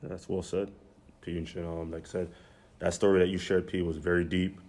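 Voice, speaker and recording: A man hosting a podcast, responding to his guests in a reflective, measured way with frequent ums. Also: sits low, level tone, darkish tone. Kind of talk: casual podcast discussion.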